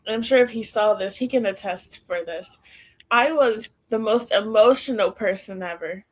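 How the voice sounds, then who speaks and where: A young woman co-hosts a podcast in a mid-range voice at normal speed. She chats casually, says "like" a lot, and laughs often between sentences.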